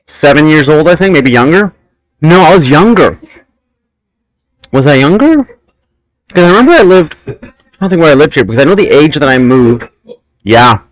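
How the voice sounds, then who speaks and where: A young man chats casually as the host, his pitch swinging widely as he wanders through a story and trails off on tangents. The sound is close and dry, with no room around it. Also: expressive, moderate pace, long pauses, dry recording, rough recording. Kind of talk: casual chat.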